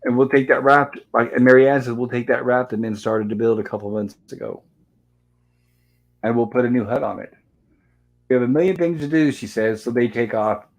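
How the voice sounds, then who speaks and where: A man's voice: medium pitch, flat delivery, brisk. Man casually recapping an old episode. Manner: retells scenes and reads dialogue lines aloud. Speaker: show host.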